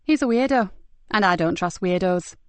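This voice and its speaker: Woman voicing a sharp, fierce police inspector. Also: fairly low pitch, lively intonation, normal speed, smooth, no room sound, lightly acted. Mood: blunt, impatient. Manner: sharp, blunt and impatient. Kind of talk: audiobook character voice.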